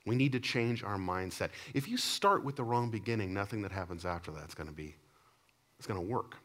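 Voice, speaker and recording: A man with a somewhat low voice delivers a sermon, weaving stories into his message. He jumps between loud emphatic lines and low, quiet asides, keeping the telling lively. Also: brisk. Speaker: pastor. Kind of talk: sermon with storytelling.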